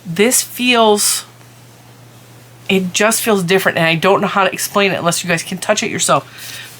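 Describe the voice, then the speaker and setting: A woman making a casual, chatty vlog, excitedly showing yarn to her viewers at home. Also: fairly low pitch, slight background noise. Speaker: crochet and yarn vlogger. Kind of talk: casual show-and-tell vlog.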